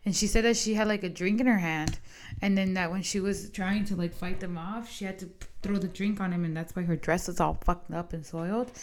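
A woman's voice: fairly low pitch, fairly quick. Swearing young woman telling stories. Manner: animated storytelling, frequent swearing and "like". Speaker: podcast co-host. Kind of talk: casual chat.

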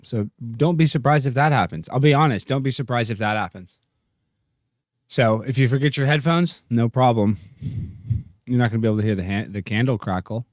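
A man hosting a livestream, rambling and joking, sometimes jumping into goofy high-pitched bits. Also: fairly quick, no echo, studio quality. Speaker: livestream host. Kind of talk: casual livestream rant.

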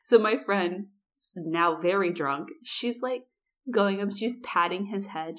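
A young woman co-hosting a podcast, telling a casual story in an animated way and acting out the quotes. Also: medium pitch, a little slow. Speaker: podcast co-host.

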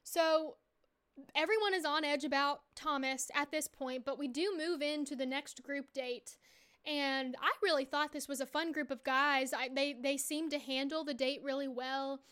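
Woman co-host, high voice, lilt, chatty animated podcast recap. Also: normal speed. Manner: chatty, animated storyteller with fillers. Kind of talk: casual recap chat.

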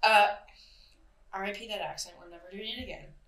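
A woman's voice: medium pitch, fairly quick, a crowd in the background. A young woman co-hosting a true-crime podcast, chatting casually, swearing freely and laughing at herself. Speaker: podcast co-host. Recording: roomy echo.

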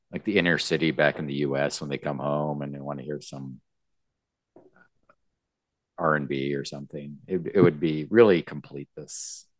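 A man co-hosting a podcast in a casual chat, relaxed and rambling, with many likes. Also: very deep voice, no echo, clean studio sound. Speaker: podcast co-host.

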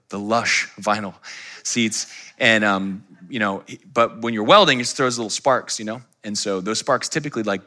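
A man in his forties preaching a sermon, telling personal stories in a conversational, animated way. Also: mid-range voice. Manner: conversational, animated storytelling with quoted voices. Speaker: pastor.

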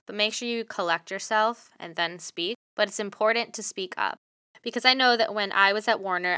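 A woman's voice: mid-range voice, bright, forceful tone, smooth, no room sound, studio quality. A young woman hosting a solo motivational podcast, talking bluntly and passionately and swearing freely. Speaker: podcast host.

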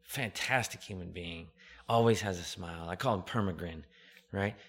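A man in his fifties with a bright, slightly tense voice, chatting as a podcast guest. He rambles humbly and fills pauses with "um" and "right?". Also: sits low, husky. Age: 50s. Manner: humble, rambling, many fillers. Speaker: podcast guest, company founder. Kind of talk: casual interview chat.

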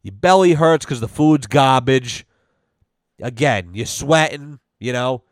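Swearing, sarcastic podcast host. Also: male voice, mid-range voice, takes it slowly, dry recording, clean studio sound. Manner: blunt, sarcastic, heavy swearing. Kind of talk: casual profane rant.

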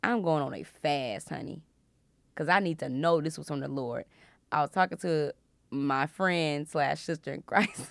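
Young female podcast host, playful Bible teacher, lower voice with some fry. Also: unhurried, dry recording. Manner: animated, laughs loudly and often, playful preacher tone.

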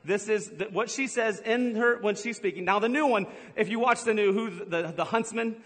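Male pastor, high voice, jokey and teasing, live sermon in a reverberant hall. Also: a bit bright. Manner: playful, teasing the congregation with jokes and quick asides. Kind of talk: humorous sermon. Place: large church hall with a live congregation.

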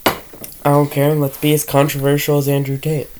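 A man co-hosting a casual podcast chat who rambles, jokes, swears freely and slips into quick imitations. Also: on the high side, completely flat delivery, a little mellow. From Canada. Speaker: podcast co-host.

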